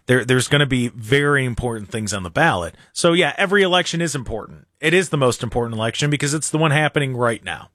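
A man's voice: medium pitch, quick pace, hardly any pauses, dry recording, clean studio sound. A man hosting a casual political talk radio show, chatting animatedly and often restarting his sentences. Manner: animated, talks in restarts and repeats.

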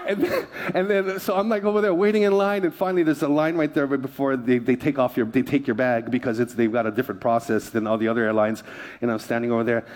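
A man's voice: medium pitch, fairly even intonation, quick pace, darkish tone. A male pastor preaching a sermon, mixing humorous stories with repeated phrases and calls to the congregation. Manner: asks the congregation for responses.

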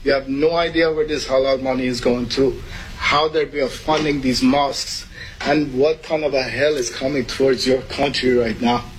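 A man from Iran gives urgent, emotional public testimony at a meeting's podium microphone, rising to pleading. His voice is medium-pitched with fairly even intonation and a moderate pace, on a low-quality recording with slight background noise.

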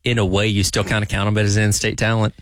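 A man co-hosting sports talk radio, quick and agreeable. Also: fairly low pitch, level tone, dry recording, studio quality. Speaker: radio co-host.

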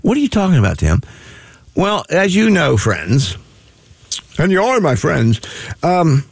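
A man's voice: a little high, huge pitch swings, unhurried, gravelly, pauses often, slightly rough, no echo. A man hosting a radio talk show, rambling in a self-mocking curmudgeonly way with many restarts and asides. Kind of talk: folksy talk radio banter.

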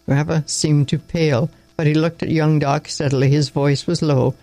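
A man narrating a story aloud in a plain, measured reading with small slips. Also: on the high side, fairly even intonation, dark tone, no echo, rough recording.

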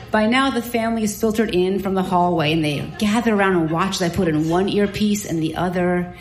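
Woman doctor spinning a funny self-mocking story, vivid and lively. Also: on the low side, reverberant, poor audio. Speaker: doctor telling a personal story. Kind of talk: live storytelling.

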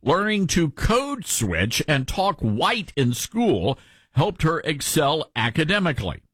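Male talk host, soft Southern accent, slightly husky, folksy and chatty. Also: on the high side, big pitch swings, slow pace, no echo. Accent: Southern US, Tennessee. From Tennessee. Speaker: radio talk show host. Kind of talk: talk radio commentary.

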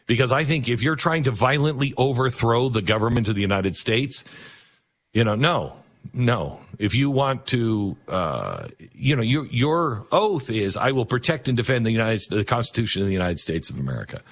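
A man hosting a talk radio show, musing aloud at a measured pace with frequent fillers and restarts. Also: mid-range voice, sing-song.

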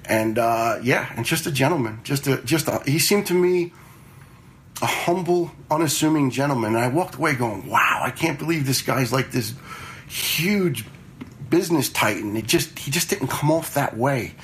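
A man's voice: medium pitch, lively intonation, moderate pace, fairly bright tone, poor audio. A man in his fifties, a retired fire lieutenant, telling stories in a blunt, conversational way with some swearing. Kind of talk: casual storytelling.

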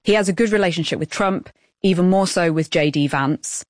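This woman reporter talks in a low, dry voice, close and without room sound. Her delivery is measured and reflective as she moves between narration and questions. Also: dry recording. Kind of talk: radio news report with field interviews.

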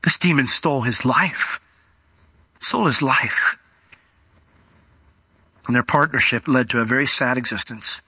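A male preacher giving an animated expository sermon, explaining what words mean and asking rhetorical questions. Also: medium pitch, unhurried, long pauses, slightly rough, no room sound.

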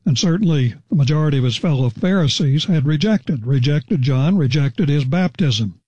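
A man preaching an expository Bible lesson, reading verses and explaining them in a measured, conversational way. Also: a little high, warm tone, slightly rough, no echo. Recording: slightly dull, lo-fi.

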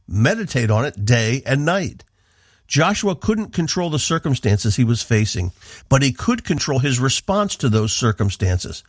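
A man's voice: mid-range voice, dry recording. A man from the northeastern United States, a radio Bible teacher giving an earnest, emphatic devotional talk into a studio microphone.

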